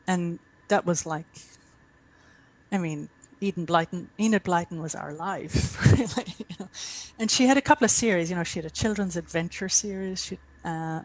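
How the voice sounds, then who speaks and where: A middle-aged Irish woman with an Irish accent and a lowish voice chats as a guest author in a casual interview, dropping easy asides. The audio quality is poor.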